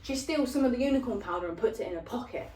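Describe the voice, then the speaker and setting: Rambling young woman, a bit high. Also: fast talker, recorded from a distance. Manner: rambling and animated, with lots of fillers. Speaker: vlogger retelling a film plot. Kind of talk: casual rambling plot retelling. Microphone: phone propped up at a distance. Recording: roomy, voice off the phone mic.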